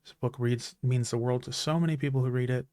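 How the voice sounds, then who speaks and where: Recorded dry and at studio quality, a man talks fast in a mellow, medium-pitched voice whose intonation stays fairly even. The thirty-something streamer is in casual conversation, speaking earnestly about stories important to him and restarting many times.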